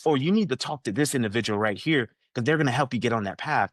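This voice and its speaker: A man as a guest coach in a conversational interview, acting out the people he quotes in lively voices. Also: mid-range voice, quick pace, no echo, studio quality.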